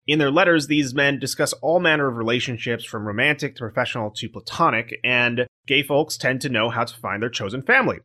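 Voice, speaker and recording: A man's voice: medium pitch, fairly quick, hardly any pauses, pushed and bright. A man hosting a podcast, reading a prepared script and breaking off for dry jokes with his co-hosts. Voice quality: programmer speaking. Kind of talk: scripted narration with asides in a podcast chat.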